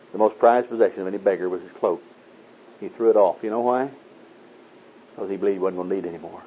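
A man preaching a sermon in a folksy storytelling way, acting out the people in his stories. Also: a little hiss or hum. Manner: folksy storytelling, acting out voices in raised pitch. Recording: tinny phone-like old tape.

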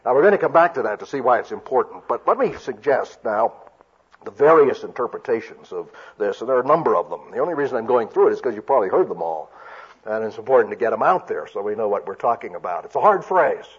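A man's voice: medium pitch, sing-song, fast, slightly rough. A man preaching an expository sermon, teaching carefully and restarting often as he explains. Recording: dull lo-fi recording.

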